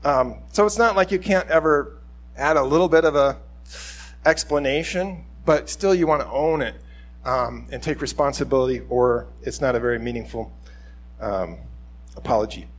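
A man's voice: mid-range voice, moderate pace. A middle-aged man, a pastor, giving an informal, conversational sermon and acting out quoted speech along the way.

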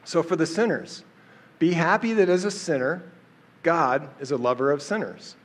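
Man with a slightly high voice teaching. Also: normal speed. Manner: conversational, many fillers and restarts. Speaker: Bible teacher. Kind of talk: casual Bible study talk.

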